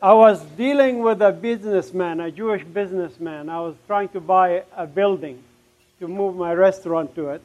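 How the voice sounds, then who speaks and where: A middle-aged man from Palestine giving an emotional testimony sermon, his voice surging loud on key words. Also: high voice, moderate pace.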